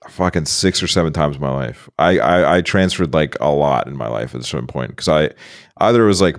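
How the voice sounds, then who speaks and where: Young man with a very deep voice. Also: clear, resonant tone, no echo, studio quality. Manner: laid-back, profane, drawn-out musing. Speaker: podcast co-host. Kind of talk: casual chat.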